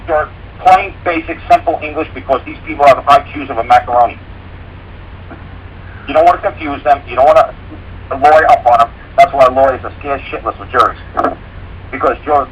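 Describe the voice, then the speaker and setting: A man's voice: medium pitch, fast, dull audio, a little hiss or hum. A man talking as a guest on a radio show, blunt, folksy and profane, explaining things through homespun stories. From rural mountain area. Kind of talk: casual radio talk.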